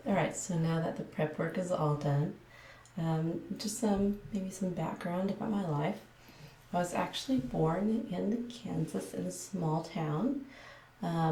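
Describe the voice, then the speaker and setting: Soft-spoken Texan woman, low and slow. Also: vocal fry, slight background noise. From Texas. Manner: soft, careful, hesitant with many ums. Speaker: ASMR creator. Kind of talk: casual talk to camera. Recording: echoey room, mic at a distance.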